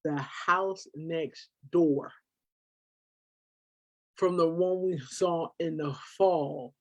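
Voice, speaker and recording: A woman, a nonprofit founder, telling a personal story in an interview, animated and emotional, acting out what people said. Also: deep voice, very slow, poor audio.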